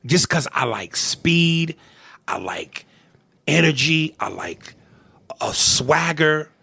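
Animated gravelly New host. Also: male voice, a little high, no echo. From New York. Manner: animated, mimics accents, repeats words. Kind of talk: casual comedic podcast chat.

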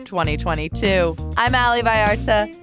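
A woman's voice: medium pitch, normal speed, music in the background. A woman hosting a local podcast, chatting casually and teasing her friend in a playful way. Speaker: podcast host.

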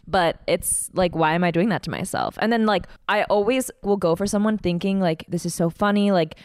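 Fast-talking, low-voiced woman, twenty. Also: clean tone, dry recording, clean studio sound. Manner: sarcastic, candid, laughs at herself. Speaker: podcast guest, pop singer. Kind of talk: casual podcast chat.

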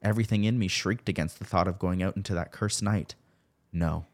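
A young man narrating a horror story slowly and steadily, raising his voice for the shouted lines. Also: deep voice. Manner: slow, measured storytelling with shouted character lines. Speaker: podcast host reading a creepypasta.

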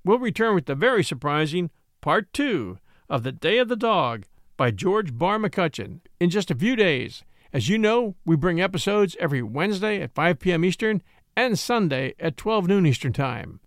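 A man hosting and narrating a classic short story podcast, with an expressive, animated reading style. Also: high-pitched, moderate pace, no echo, clean studio sound. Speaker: host and storyteller. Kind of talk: dramatic audiobook narration.

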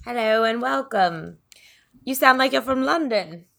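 Bright-voiced woman hosting a podcast. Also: a little high, animated, measured pace, gravelly. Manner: giggly, chatty, many filler words. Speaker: podcast host. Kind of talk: casual podcast chat.

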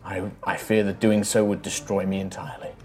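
A man voicing a faint spirit that speaks from inside someone's head, soft and sorrowful. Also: sits low, little pitch movement, a little fast, soft background music, pitched below the performer's own voice, natural voice. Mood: grave, sorrowful.

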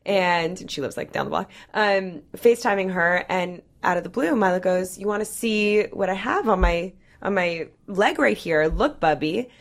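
Quick-talking woman co-host. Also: on the low side, animated. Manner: quick, chatty, reacts a lot. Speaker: podcast co-host. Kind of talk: casual chat.

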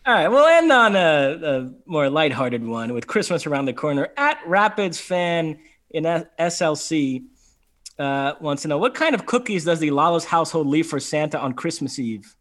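Hesitant man with a slightly high voice. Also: sing-song, moderate pace, a bit bright. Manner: hesitant, lots of restarts and fillers. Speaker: podcast co-host. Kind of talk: casual chat.

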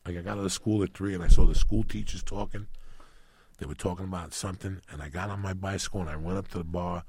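Gravelly low-voiced man telling wild stories. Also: quick pace. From New Jersey, US. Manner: loud, swearing, animated, re-enacts voices. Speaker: comedian guest. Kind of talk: profane storytelling.

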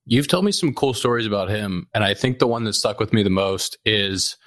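A man's voice: fairly low pitch, a little fast, a bit bright, no echo. A man hosting a casual interview, asking easygoing questions. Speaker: podcast host. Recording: dry close mic.

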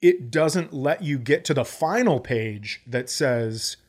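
Slow in pace but lively in intonation, this mid-range male voice belongs to a comedian in his forties. As a podcast co-host, he tells a comic story in casual chat, acting out both sides of each exchange.

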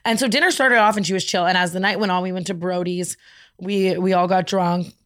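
A young woman co-hosting a podcast, telling a story in a casual, animated way with playful imitations. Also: a little fast. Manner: animated storytelling, mimics a whiny high voice. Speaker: podcast co-host. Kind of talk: casual chat.

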